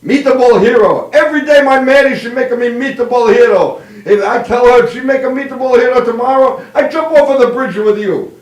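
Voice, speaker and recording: A man's voice: very high voice, brisk, hardly any pauses, distant mic, pitched above the performer's own voice. A man doing a wailing Italian worker in broken English. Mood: complaining. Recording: roomy, away from mic.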